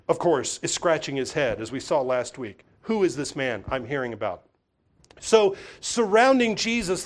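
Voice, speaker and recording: A middle-aged man preaching a sermon in a church, emphatic and full of rhetorical questions, often repeating his words. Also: high-pitched. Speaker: pastor.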